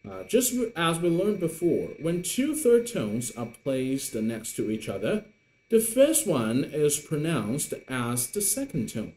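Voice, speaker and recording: A man teaching Mandarin online, slowly repeating words to model the tones. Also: on the high side, darkish tone, slight background noise. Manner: slow, deliberate modelling of tones with repetitions. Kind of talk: online language lesson.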